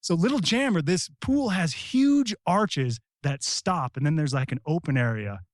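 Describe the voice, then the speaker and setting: A middle-aged American man, a retired Army Ranger, telling stories in casual talk, animated and profane, shouting out the lines he quotes. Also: fairly high pitch, unhurried, no room sound, studio quality. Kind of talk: casual storytelling.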